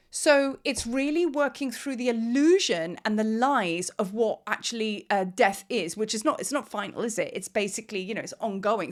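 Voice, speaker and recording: A woman's voice: fairly high pitch, expressive, moderate pace, hardly any pauses. A woman spiritual teacher talking casually to her camera at home, rambling and heartfelt, holding back tears. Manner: rambling, heartfelt, trying not to cry. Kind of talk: casual vlog talk to camera. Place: at home in Cape Town.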